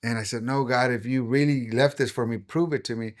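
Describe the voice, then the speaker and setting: A middle-aged man speaks with earnest emotion as he recounts his life in a conversational testimony. His voice sits at an ordinary middle pitch and sinks quieter on the heaviest moments. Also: steady tone, a little fast. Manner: earnest, emotional storytelling, drops to a hush on painful moments. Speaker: pastor and podcast guest.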